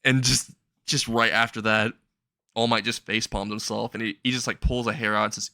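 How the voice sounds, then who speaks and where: A man's voice: on the low side, fairly even intonation, a little fast, pushed and bright, dry recording. A man casually retelling a fan story, rambling and chuckling at his own jokes.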